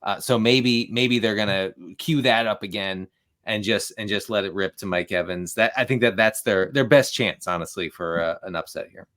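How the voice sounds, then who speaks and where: A man with a low voice gives casual football analysis. He talks steadily and leans on numbers to make his points. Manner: steady, stat-heavy, measured.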